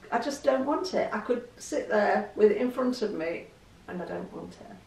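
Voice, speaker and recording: Speaking casually to camera, this English vlogger has a higher voice with vocal fry and a slightly mellow quality. She tells stories in a chatty way and laughs readily, captured by a distant mic in an echoey room.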